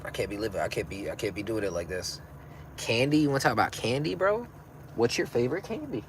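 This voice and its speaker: A man in his thirties talks casually on a livestream, rambling and dropping slang and swearing as he goes. His voice sits at an ordinary middle pitch, with a faint hiss of noise behind him. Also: expressive, quick pace, low-quality recording. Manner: laid-back, profane, rambling with slang. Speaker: livestream host.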